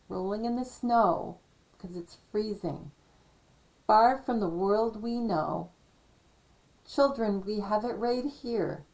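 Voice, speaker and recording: A woman musing aloud in a slow, meandering monologue, full of fillers and asides. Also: mid-range voice, darkish tone, low-quality recording. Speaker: video commentator. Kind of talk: casual rambling monologue.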